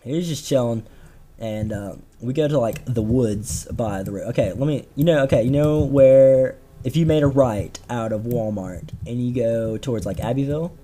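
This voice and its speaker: Young man, dark mellow tone, slangy and rambling, casual podcast storyteller. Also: medium pitch, moderate pace. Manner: rambling, slangy, laid-back. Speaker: podcast co-host.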